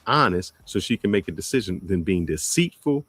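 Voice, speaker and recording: A man hosting a podcast, laying out his argument in a measured, steady way. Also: deep voice, husky, dry recording. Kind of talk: casual debate.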